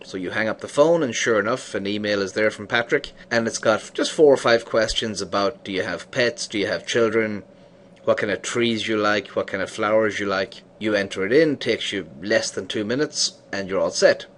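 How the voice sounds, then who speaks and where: A man's voice: fairly low pitch, normal speed, a bit bright, a little hiss or hum. A man teaching business owners about selling, telling an example story and voicing the people in it as he goes. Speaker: business coach. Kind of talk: scripted teaching monologue with storytelling.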